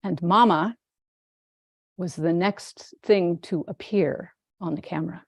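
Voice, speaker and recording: A Zen teacher with a husky, fairly low female voice gives a dharma talk, telling her story slowly and with gentle amusement. The recording is dry and close, with no echo from the room.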